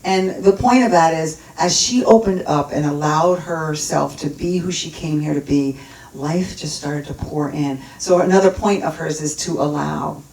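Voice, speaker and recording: A woman minister delivers a sermon in an earnest, storytelling manner, leaning on repetition for emphasis. Her voice sits low, picked up from a distance in a roomy, echoing sanctuary. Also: moderate pace, a little mellow. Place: church sanctuary. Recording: roomy hall, mic at a distance.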